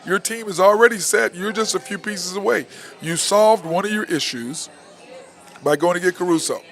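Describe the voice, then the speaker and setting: Guy ranting about basketball on a sports show, blunt, fires off questions, voice sits a bit high. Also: fairly bright tone. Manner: blunt, rapid-fire rhetorical questions. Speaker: sports talk show host. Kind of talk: opinionated sports talk. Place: outdoor venue at a barbecue spot.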